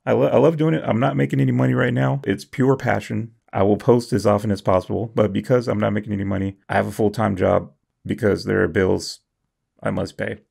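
A young man reading and reacting to comments on his channel, jokey and self-mocking, swinging from high squeals to low mutters. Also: flat delivery, fairly quick, vocal fry, a little mellow, slightly rough. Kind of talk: comedic comment-reading vlog.

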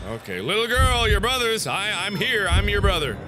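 A man hosting a let's play of a horror game, excitable, swearing, yelling and mock-taunting. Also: sits high, normal speed, background noise. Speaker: gaming video host. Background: game music.

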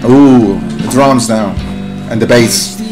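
Man, Mexican accent, Spanish native speaker, unhurried drawn-out delivery, effusive and exclamatory, music reaction host, song playing faintly behind. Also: mid-range voice. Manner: effusive, exclamatory, overcome with emotion. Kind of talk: emotional album reaction.

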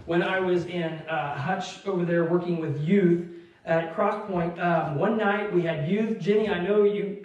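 A man in his thirties preaching a sermon in a church, telling a personal story in an animated way and acting out what people said. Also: high-pitched. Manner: animated storytelling, acts out quotes, laughs along. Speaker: pastor. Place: church sanctuary. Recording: very echoey church hall, distant mic.

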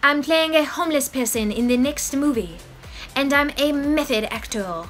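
A woman voicing a bearded male method actor posing as a homeless man, in a put-on French accent, begging slowly. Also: high-pitched, a bit bright, soft background music. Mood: secretive.

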